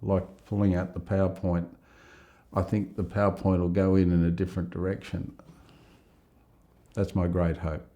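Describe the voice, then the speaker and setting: A middle-aged Australian man telling a rambling, lively story in a casual interview. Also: low-pitched, normal speed, pauses often. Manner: rambling, animated, laughs at own story. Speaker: interviewee, psychiatric ward worker.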